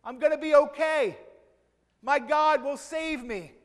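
A man voicing a stubborn man of faith who insists he will be fine, speaking louder and higher. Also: moderate pace, big-room sound. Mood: insistent.

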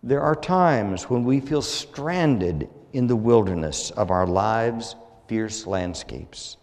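Earnest pastor preaching in a reverberant church. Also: male voice, lowish voice, lively intonation, a little mellow. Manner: measured, earnest preaching with falling phrase ends. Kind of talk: sermon.

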